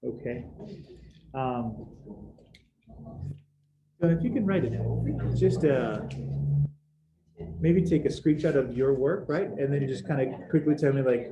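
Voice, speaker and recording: A man with a mid-range voice teaches a live algebra class over video call, speaking slowly with long pauses. He explains the steps in an upbeat, casual way with bits of slang, and the room is echoey with faint noise.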